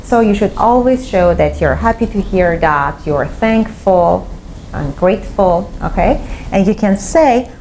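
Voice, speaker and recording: A woman's voice: mid-range voice, animated, a little slow, a little mellow, slight background noise, low-quality recording. A woman teaching an online English lesson, explaining step by step and repeating her examples. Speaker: English teacher and language school founder.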